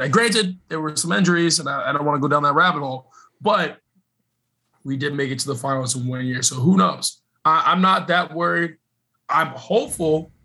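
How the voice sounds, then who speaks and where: This man co-hosts a casual sports podcast and used to play college football. He talks in an animated, emphatic, slangy way with a fairly high pitch, and the recording is rough.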